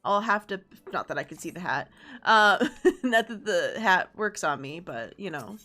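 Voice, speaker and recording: A woman's voice: on the low side, animated, moderate pace, bright, forceful tone, faint music behind. A woman streamer with a sore throat, making casual, chatty asides while playing a game. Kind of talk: casual gaming commentary.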